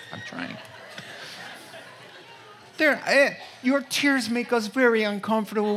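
A man in middle age delivers a sermon full of jokes and stories, and he keeps turning straight to his listeners. His voice sits a little high and rings bright and forceful. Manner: joking, storytelling, addresses the audience directly. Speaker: pastor. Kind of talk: humorous sermon.

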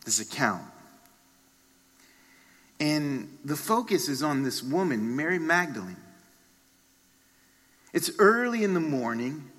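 A man delivers a sermon at a deliberate, unhurried pace, his voice bright and forceful. He moves between hushed passages and loud, charged ones as he tells the story. Long reverb trails after every phrase, as in a large hall. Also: medium pitch. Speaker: pastor.

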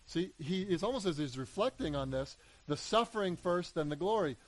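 A man preaching a sermon, animated, acting out voices in the story and building to emphatic peaks. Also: high-pitched, moderate pace, low-quality recording. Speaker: pastor.

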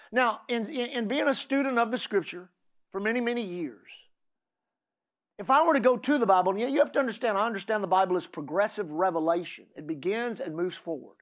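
A man's voice: sits high, brisk. A middle-aged man preaching a sermon, often repeating words and asking the congregation "Amen?".

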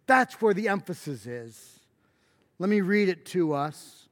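A middle-aged male pastor delivering a sermon, his pitch sitting high and his pace slow and deliberate. He leans hard on key words, pushing them up toward a shout. The voice carries a long hall reverb. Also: lively intonation. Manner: emphatic preaching, rising to shouted stresses.

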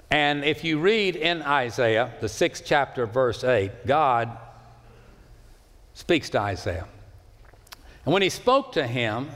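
A man preaching a sermon as pastor, swinging from loud high calls to low quiet stretches and slowing down to stress words. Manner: preaching with sweeping swings in pitch and loudness, slowing for emphasis. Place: large church sanctuary. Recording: long reverb of a large hall.

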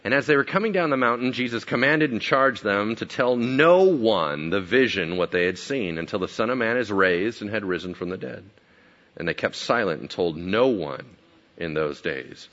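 A man preaching with a bright, lively voice that swings high and low, acting out scenes from the story. The recording sounds slightly dull and lo-fi. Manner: animated, acts out biblical characters. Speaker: pastor. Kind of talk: sermon.

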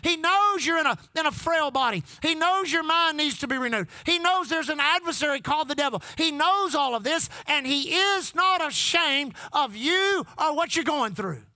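A man's voice: extremely high pitch, animated, moderate pace, hardly any pauses, bright, forceful tone, dry recording. A man, preaching a sermon who repeats his phrases and calls out to the congregation. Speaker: pastor. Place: church.

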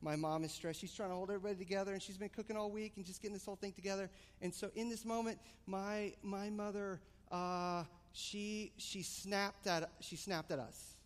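A man preaching a sermon, telling a family story in an animated, storytelling way. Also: high voice, a little fast, hardly any pauses. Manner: animated storytelling, rising excitement. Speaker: pastor. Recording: long hall reverb.

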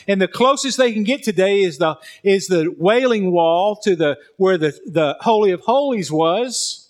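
Male pastor, high voice, sermon delivery with hushed emphatic drops and repetitions. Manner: preaching with sudden drops to soft, low emphasis; repeats words and restarts sentences.

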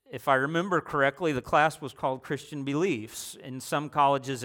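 A man preaching a sermon in a conversational way, slowing down and repeating phrases for emphasis and asking the listeners questions. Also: mid-range voice, fairly bright tone. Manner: slow, deliberate delivery with repetition for emphasis; conversational, with fillers and rhetorical questions.

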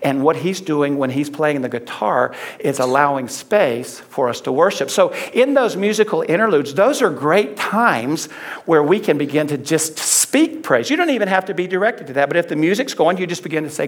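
A man's voice: fairly high pitch, expressive, fairly quick. A middle-aged man preaching a conversational sermon, repeating phrases for emphasis. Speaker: pastor.

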